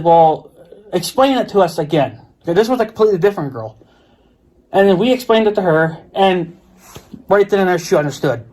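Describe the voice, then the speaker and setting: A man's voice: sits high, darkish tone. A man with an American accent ranting to camera in a vlog, profane, exasperated and repetitive. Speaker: vlogger. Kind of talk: ranting monologue.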